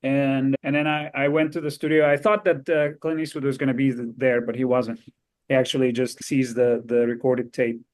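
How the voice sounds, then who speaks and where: A man, a guest actor, telling anecdotes in a casual, lively way on an interview podcast. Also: medium pitch, moderate pace. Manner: lively, animated storytelling with frequent laughs.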